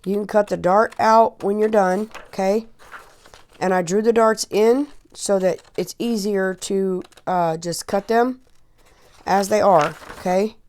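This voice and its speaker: A woman's voice: mid-range voice, fairly even intonation, measured pace, darkish tone. A woman in her forties giving a rambling, chatty sewing tutorial, often checking in with "okay?" and close to tears at times. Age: 40s. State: emotional, holding back tears. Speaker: crafting tutorial host. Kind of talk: casual how-to instruction.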